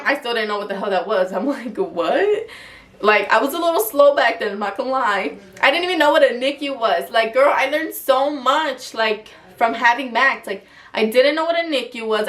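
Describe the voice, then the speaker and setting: A woman's voice: on the high side, fairly bright tone, distant mic. Young woman telling a personal story. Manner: casual, filler-heavy, frank with swearing. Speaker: vlogger.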